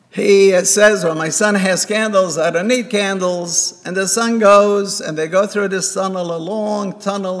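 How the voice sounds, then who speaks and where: Here a rabbi whose high-pitched voice is a bit bright delivers a storytelling sermon in an echoing synagogue hall. He recounts a parable, putting on the characters' words himself.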